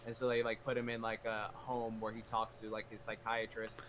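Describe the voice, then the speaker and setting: A man's voice: on the low side, monotone, fairly quick. A man on a casual livestream chat, retelling a movie scene by scene in a rambling way, packed with "like" fillers. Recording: faint background noise.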